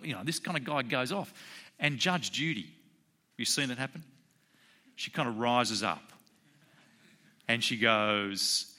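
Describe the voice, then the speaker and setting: Guy preaching a sermon, bright forceful voice, chatty with ums, goes way up high doing quoted voices. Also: normal speed, long pauses. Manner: animated, acts out quoted voices with rising pitch; conversational, with fillers. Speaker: pastor.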